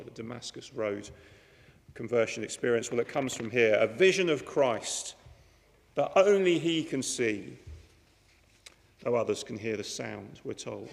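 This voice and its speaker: A man's voice: medium pitch, creaky. A man preaching a sermon in a chatty way, often asking the listeners rhetorical questions. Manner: conversational, many rhetorical questions. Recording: long hall reverb.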